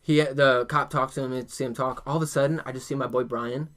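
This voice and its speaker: A young man from New Jersey telling stories on a podcast in a loose, swearing, animated way. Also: mid-range voice, fairly quick. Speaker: podcast host. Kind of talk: casual storytelling chat.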